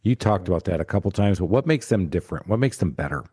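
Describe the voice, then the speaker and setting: A man with a deep, mellow voice hosts an interview podcast. He jokes around and keeps things playful. The recording is dry and close. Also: expressive, fast talker, slightly rough, no room sound. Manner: joking, playful. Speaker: podcast host.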